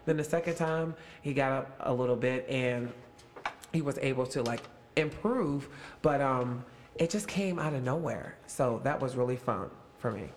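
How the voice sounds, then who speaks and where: A man's voice: medium pitch, lively intonation, moderate pace, slight background noise. A man in his late twenties, an actor, chatting with young castmates in a casual, upbeat, playful interview.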